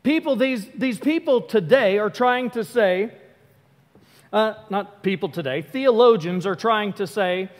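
A man preaching a casual sermon, talking conversationally, breaking off mid-thought and acting out quick asides. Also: high-pitched, lively intonation. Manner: conversational, self-interrupting, acts out quick asides. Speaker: pastor. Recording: hall reverb.

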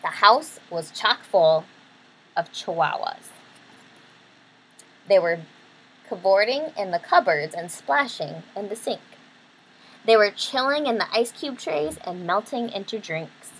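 A woman's voice: mid-range voice, animated, slow pace, pauses often, a bit bright, breathy edge, low-quality recording. A woman reading a picture book aloud, chatty, stopping to explain the story in her own words. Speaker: reader.

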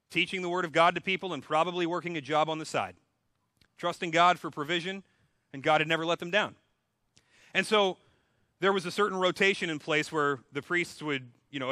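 A man's voice: fairly high pitch, pushed and bright, dry recording. A man preaching a sermon as pastor, retelling scripture in a casual, humorous storytelling way. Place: church.

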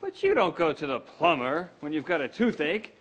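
An actor playing a pompous, bumbling police detective in a sitcom for English learners, speaking slowly and theatrically. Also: male voice, a little high, huge pitch swings, a bit bright, slightly rough, heavily acted. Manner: slow, theatrical, self-important.

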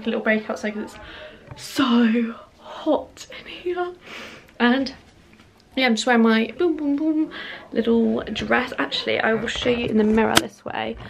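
A young woman vlogging in a casual, excitable way, chatting to a handheld camera and full of "like" and "literally". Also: on the high side, vocal fry. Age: young adult. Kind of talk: casual vlog chat to camera. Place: on the move, outdoors and in student rooms. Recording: noisy handheld vlog audio.

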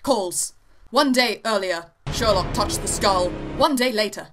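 Young woman narrator, deadpan amateur storytelling for a fan cartoon, bright tone. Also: medium pitch, a little slow, a little hiss or hum.

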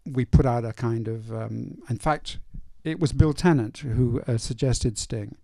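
Older man, film director, gravelly voice, mellow tone, rambling anecdotes, lots of fillers. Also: mid-range voice, a little slow, dry recording, studio quality. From North East England. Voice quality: gravelly, relaxed storyteller with many fillers. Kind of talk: casual stage Q&A. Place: cinema auditorium.

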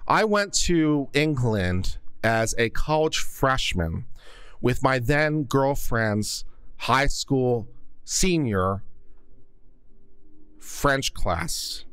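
A man's voice: mid-range voice, drawn-out words, smooth, no echo. Chatty, geeky male stream host. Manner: self-described geek, rambling and chatty; gets loud and projects when excited. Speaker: law commentary host. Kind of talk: live stream chat, answering viewer questions.

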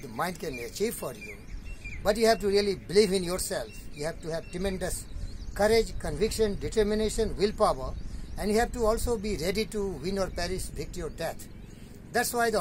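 High-voiced man giving an emphatic motivational talk. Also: slight background noise. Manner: emphatic, builds to shouted repetitions. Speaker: motivational speaker. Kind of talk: motivational talk with poem recital.

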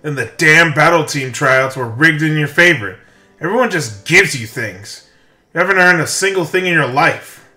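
A man's voice: on the high side, animated, moderate pace, pushed and bright. A man voicing a young male rival trainer in a game, scornful and confrontational toward his rival. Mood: resentful. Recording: echoey room, faint music.

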